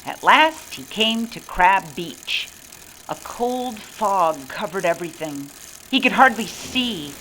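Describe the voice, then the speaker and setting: An older woman reading a picture book aloud with slow, expressive storytelling. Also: mid-range voice, a little hiss or hum. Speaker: storybook reader.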